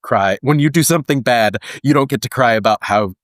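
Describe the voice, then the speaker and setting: A man's voice: medium pitch, a little fast, no room sound, clean studio sound. A man co-hosting a podcast, talking in earnest and thinking aloud with frequent restarts. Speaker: podcast co-host. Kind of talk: casual conversational podcast.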